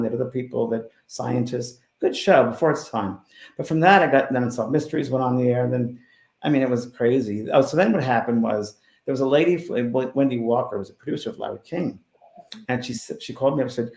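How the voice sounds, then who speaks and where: Gravelly-voiced man telling stories. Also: mid-range voice. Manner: animated storyteller who swings between loud and hushed. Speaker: spiritual medium, guest. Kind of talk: casual storytelling interview. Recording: roomy echo.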